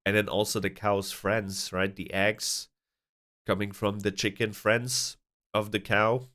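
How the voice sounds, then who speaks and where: A man's voice: lowish voice, little pitch movement, a little slow, fairly bright tone. A man hosting a casual stream chat, rambling with restarts and frequent chuckles. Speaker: streamer host.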